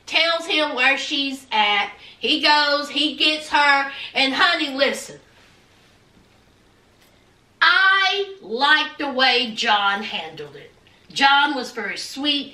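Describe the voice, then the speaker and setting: A high, bright-toned woman gives a sassy, unhurried rundown of a TV episode and keeps tossing teasing asides to her audience. She sits back from the mic in an echoey room. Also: far from the mic. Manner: chatty, colloquial, teasing asides to viewers. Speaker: TV recap vlogger. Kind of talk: sassy casual recap.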